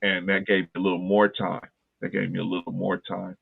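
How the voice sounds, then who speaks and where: A man's voice: deep voice, monotone, a little fast, vocal fry, slightly rough. A man hosting a talk podcast, telling a personal story in earnest, casual chat and repeating phrases for emphasis. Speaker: podcast host. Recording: tinny phone-like line.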